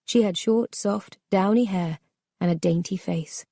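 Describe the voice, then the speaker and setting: A woman narrating a memoir audiobook in a measured, subdued, somber way. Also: medium pitch, mellow, slightly rough, no echo, clean studio sound.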